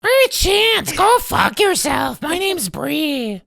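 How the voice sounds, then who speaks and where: A man putting on a high, drawn-out falsetto impression of a female friend to tease her. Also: big pitch swings, gravelly, pushed and bright, no room sound, heavily acted. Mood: mocking. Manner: shrill, slow and drawn out. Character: mocking falsetto impression of a sick female co-host.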